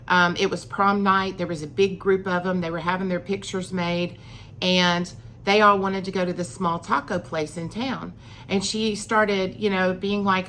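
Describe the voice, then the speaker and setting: Middle-aged lady telling a story on her vlog, chatty, acts out the quotes, bit of rumble behind. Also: fairly bright tone. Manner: chatty, acts out quoted lines with rising emphasis. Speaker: vlogger. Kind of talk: casual personal storytelling.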